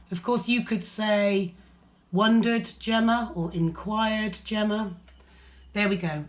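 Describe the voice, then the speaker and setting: A woman's voice: mid-range voice, fairly bright tone. A woman teacher with an English accent, explaining a lesson patiently step by step. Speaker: primary school teacher.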